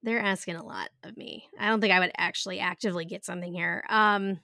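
Bright giggly woman in her 30s, chatty podcast host, dry close mic. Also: lowish voice, steady tone, fast talker, gravelly, dry recording. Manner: giggly, chatty, lots of fillers. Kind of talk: casual chat.

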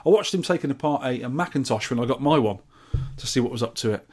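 Bloke co-hosting a podcast, rambly and jokey, middle pitch, casual chat. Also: male voice, expressive, fast talker, darkish tone, breathy edge. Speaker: podcast co-host. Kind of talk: casual chat, reading out event news.

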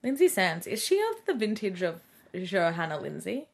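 Animated woman with lively pitch. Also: normal speed, vocal fry. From Middle Eastern background. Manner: animated, swearing, acts out quotes in a high voice. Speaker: podcast co-host. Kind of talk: casual chat.

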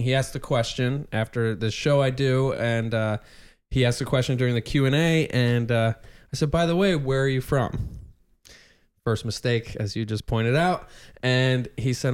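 A man co-hosting a casual podcast, chatty and self-deprecating. His voice sits at a medium pitch. He tells stories about himself with a loose, conversational ease. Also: normal speed, clean tone. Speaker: podcast co-host. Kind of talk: casual chat.

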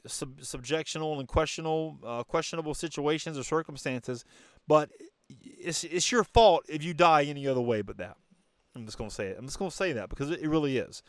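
Emphatic man preaching motivation, smooth tone. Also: a little high, no room sound, clean studio sound. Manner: emphatic and preachy, direct to listener. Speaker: podcast host. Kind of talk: motivational monologue.

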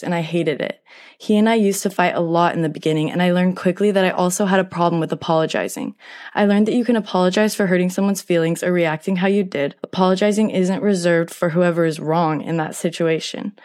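A young woman reading a post aloud as a co-host, in a steady, even manner. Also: fairly low pitch.

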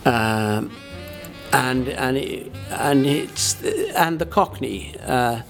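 A man, a performer, talking in a halting interview manner full of restarts. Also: mid-range voice, soft background music. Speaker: guest, impressionist performer. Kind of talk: conversational interview.

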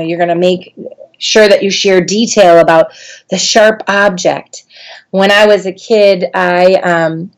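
Woman trainer talking casually w lots of ums, lively when she gets into the story. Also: medium pitch. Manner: conversational, animated in storytelling, frequent ums. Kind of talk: instructional talk with personal story.

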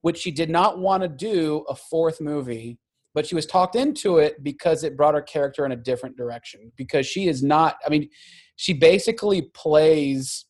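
Male podcast co-host, somewhat high voice, lively and laughing, casual film chatter. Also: moderate pace. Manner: animated, laughing, profane. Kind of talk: casual movie review chat.

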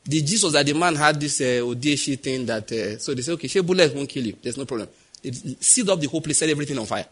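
A man's voice: medium pitch, quick pace, breathy edge. A man with a Nigerian accent preaching a sermon, telling stories and acting out the voices in them. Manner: animated storytelling, acting out quoted voices.

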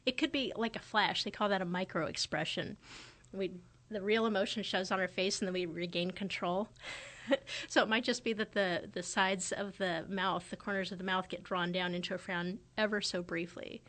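A woman's voice: medium pitch, steady tone, moderate pace, a bit bright. Woman, forties, podcast host; conversational, reflective delivery. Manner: conversational and thoughtful, often acting out quoted remarks. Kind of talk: casual reflective podcast talk.

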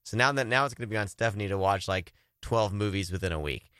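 A man's voice: fairly low pitch, fast, a bit bright, smooth, no echo, clean studio sound. A man hosting a casual horror-movie podcast, rambling with restarts and frequent laughs. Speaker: podcast host. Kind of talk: casual chat.

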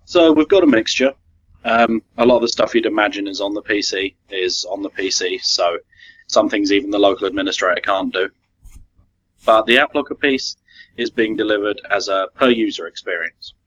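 A young man with an English accent chats as a guest on a podcast. His voice sits low, and he talks in a hesitant way with plenty of fillers. The audio is dull and lo-fi. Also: fairly bright tone. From England. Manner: hesitant, fillers, quick laughs. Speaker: guest consultant. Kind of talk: casual podcast chat. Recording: dull lo-fi sound.

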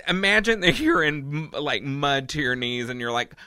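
Animated, bright-voiced woman telling stories. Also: deep voice, moderate pace, no echo, clean studio sound. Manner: animated, laughing storyteller. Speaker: podcast co-host. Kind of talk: casual chat, storytelling.

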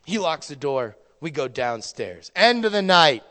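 A young man telling a stand-up story, his voice sitting a bit high. He is profane and animated, jumping into sudden loud bursts, and a long reverb from the hall hangs behind him. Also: a little slow. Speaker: stand-up comedian.

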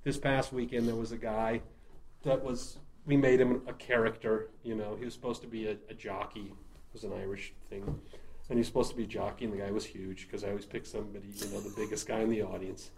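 A man's voice: fairly low pitch, a little fast, creaky, a little hiss or hum. Guy telling funny stories about his murder mystery shows, laughs a lot, trips over his words. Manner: animated, laughs often, frequent restarts. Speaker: murder-mystery show writer and performer. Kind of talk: casual storytelling interview.

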